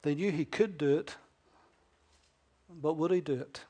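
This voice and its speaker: High-voiced emphatic male preacher. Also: measured pace, husky. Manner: emphatic, with rhetorical questions and swings between loud and hushed. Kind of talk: sermon.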